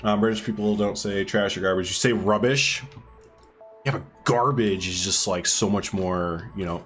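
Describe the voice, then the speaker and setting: A man's voice: fairly low pitch, steady tone, moderate pace, fairly bright tone, faint music behind. A man streaming live, chatting casually with viewers as he builds, rambling and laughing often while answering their messages.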